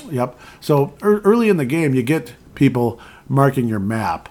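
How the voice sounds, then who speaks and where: A man's voice: medium pitch, very animated, normal speed, a little mellow. A man giving casual, rambling commentary over a video game, joking at his own expense as he plays. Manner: rambling and self-deprecating, with frequent laughs and asides. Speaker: gameplay commentator. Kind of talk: casual let's-play commentary.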